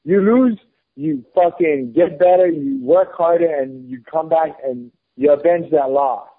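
A man's voice: on the high side, unhurried. A man in his thirties telling a story in a casual chat, blunt, heated and swearing often. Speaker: podcast guest. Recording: phone-like lo-fi podcast audio.

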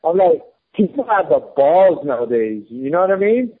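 A man's voice: fairly high pitch, sing-song, moderate pace. A man in his thirties telling a story in a casual chat, blunt, heated and swearing often. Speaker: podcast guest. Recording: phone-like lo-fi podcast audio.

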